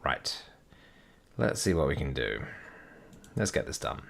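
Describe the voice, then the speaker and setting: A man's voice: a bass voice, very animated, measured pace, gravelly, long pauses, fairly bright tone, whispered. A tired man reading a comic aloud live to his chat, casual and swearing, his voice sticking late in a long session. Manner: weary, rambling, swears casually. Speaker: live-stream reader. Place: home streaming setup. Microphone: desk mic with facecam.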